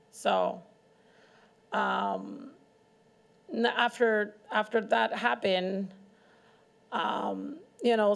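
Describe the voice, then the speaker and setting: A middle-aged woman, a local restaurant owner, speaks haltingly at a community meeting, with frequent pauses and restarts. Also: mid-range voice, vocal fry. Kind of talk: personal testimony at a public forum.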